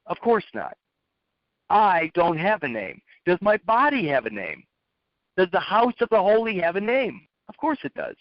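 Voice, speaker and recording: A man with a notably high voice delivers a lecturing monologue, firing off rhetorical questions and repeating key phrases. The recording is dull and lo-fi, with a dry, close sound. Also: dry recording. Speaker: speaker.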